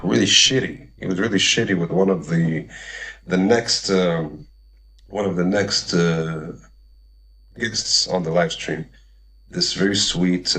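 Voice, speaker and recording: A man's voice: deep voice, a bit bright, poor audio. A man telling a story in a loose, rambling vlog monologue, swearing freely and tossing in "man" and "like". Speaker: vlogger.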